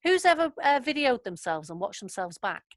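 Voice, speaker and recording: A woman's voice: a little high, big pitch swings, moderate pace, no echo. A woman leading an online training session over a video call, chatty and affirming. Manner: chatty, affirming, laughs often. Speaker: workshop facilitator.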